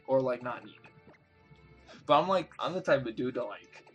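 A man's voice: mid-range voice, lively intonation, normal speed, faint music behind. A young man, hosting a gameplay recording and chatting in a rambling way, full of swearing and fillers. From New Jersey. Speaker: host, game player. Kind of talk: casual chat over a gameplay recording.

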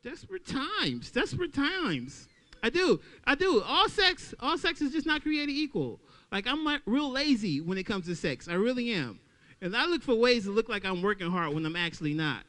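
High, bright-voiced stand-up comic man. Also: brisk. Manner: loud, animated crowd work with acted-out voices. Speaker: stand-up comedian. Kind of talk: stand-up comedy set. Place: comedy club open mic.

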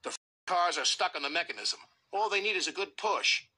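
A man voicing an urgent mine foreman who shouts orders in a storybook reading. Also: sits high, expressive, brisk, background noise, pitched above the performer's own voice. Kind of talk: storybook narration.

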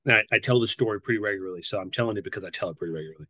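A man in his fifties, a podcast guest, telling anecdotes in an animated way with quick repetitions. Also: lowish voice, dry recording, clean studio sound. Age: 50s. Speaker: podcast guest, nonprofit leader. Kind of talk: conversational podcast interview.

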